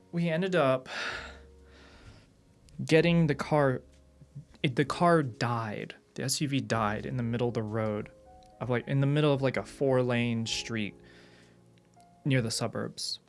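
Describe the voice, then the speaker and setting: List: man, streamer, casual chat, rambling storytelling, restarts sentences, casual swearing, middle pitch, faint music behind. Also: unhurried, pauses often.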